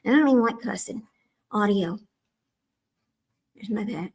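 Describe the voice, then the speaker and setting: A woman's voice: medium pitch, normal speed, darkish tone, breathy edge. A woman hosting a casual livestream, chatty and addressing viewers by name, flustered and muttering to herself over technical trouble. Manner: flustered with tech, muttering asides. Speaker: livestream host. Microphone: small microphone.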